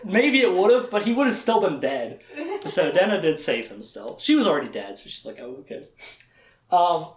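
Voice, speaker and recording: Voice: medium pitch, big pitch swings, normal speed. A lecturer giving a casual recap to a small audience, chatting, laughing often and acting out quotes. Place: room with a small live audience. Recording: echoey room.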